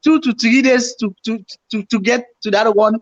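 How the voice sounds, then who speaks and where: A man telling a story in casual chat, animated and repetitive as he acts out his own panicked remarks. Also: extremely high pitch, normal speed. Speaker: YouTuber co-host. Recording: slightly dull lo-fi home recording.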